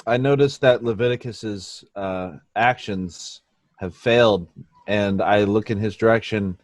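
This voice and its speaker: A man's voice: on the low side, a little slow, no room sound. A man playing a tabletop game, describing his character's actions in a playful, theatrical way. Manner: playful, theatrical, hums and acts out crowds. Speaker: player.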